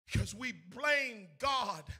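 A preacher in his thirties with a very high, sharp, ringing voice. He delivers an emotional sermon in a sing-song cadence. He rises to shouts, then drops to hushed, near-tearful lines. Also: animated, slow pace, slightly rough. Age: 30s. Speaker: evangelist preacher.

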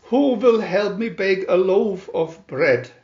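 A man voicing a fussy, hardworking little hen who clucks high and insistent. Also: animated, slow, darkish tone, full character voice. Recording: roomy, dull lo-fi home recording.

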